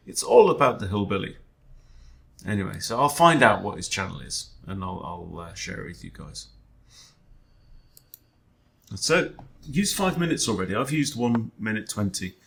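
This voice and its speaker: A man's voice: on the low side, very animated, normal speed, gravelly, fairly bright tone. A man, a chess coach, thinking aloud during an online game in a wry, self-deprecating way, often muttering to himself.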